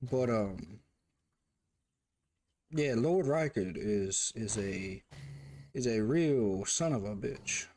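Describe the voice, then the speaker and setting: A man's voice: on the low side, animated, slow pace, long pauses, a little mellow, a little hiss or hum. A man reviewing a game and talking casually while he plays, rambling, repeating himself and chatting to the characters on screen. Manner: rambling and self-interrupting, talks to the game. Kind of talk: casual commentary while playing.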